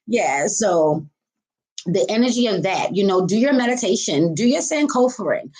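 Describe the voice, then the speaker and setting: Woman tarot reader, casual spiritual pep talk, swears freely, calls viewers baby, mid-pitched voice. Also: expressive, normal speed, darkish tone. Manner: candid and profane, calling listeners baby and honey.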